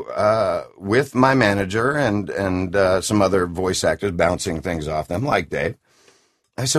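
A middle-aged man with a deep classic announcer voice, a video game voice actor chatting enthusiastically and rambling in an interview. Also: a bit bright. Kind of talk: casual interview chat.

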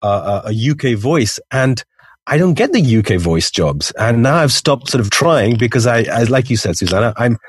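Man, international English accent, mid pitch, husky tone, dry sound, candid casual talk. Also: expressive, moderate pace, dry recording. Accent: international English, mixed. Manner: chatty, many restarts, candid. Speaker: voiceover artist guest.

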